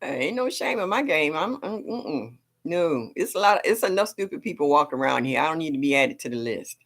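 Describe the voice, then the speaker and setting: A middle-aged woman hosting a casual gardening livestream, chatting back to viewers in an animated way and laughing often. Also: deep voice, brisk.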